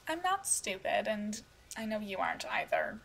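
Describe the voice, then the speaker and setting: Scornful vampire woman, impatient, slightly gravelly; a woman reads her. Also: mid-range voice, sing-song, moderate pace, a bit bright, slight background noise. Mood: dismissive. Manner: dismissive, impatient.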